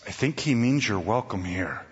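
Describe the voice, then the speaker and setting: A man voicing a gentle, soft-spoken female hostess in a hushed, low voice, heard in a reverberant hall. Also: lively intonation, measured pace, a little hiss or hum. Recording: reverberant hall, dull lo-fi sound.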